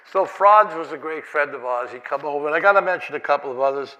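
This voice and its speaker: A man's voice: a little high, very animated, normal speed, long pauses, bright, forceful tone, a little hiss or hum, low-quality recording. An older man giving a rambling, chuckling keynote talk full of anecdotes, restarts and fillers. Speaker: keynote speaker. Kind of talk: lecture with anecdotes. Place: conference lecture hall.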